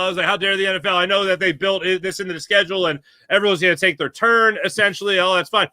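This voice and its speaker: Male podcast guest, middle-aged, casual sports chat, lively storyteller, high tense voice. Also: quick pace, hardly any pauses, no echo. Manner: animated storyteller, acts out quotes.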